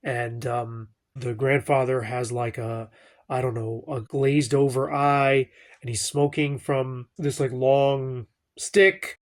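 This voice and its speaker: A man's voice: medium pitch, fairly even intonation, slow. A middle-aged man talking casually through an old film review, rambling with many fillers and asides. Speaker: film commentator.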